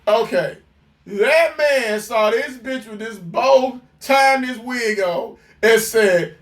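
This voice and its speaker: A man's voice: extremely high pitch, slow. A man giving profane reaction commentary, mocking and incredulous and swearing constantly.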